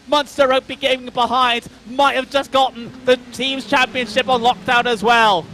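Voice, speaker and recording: Very high-voiced excited race commentator man. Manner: rapid excited play-by-play calling. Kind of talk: live esports race commentary. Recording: race car noise behind the voice.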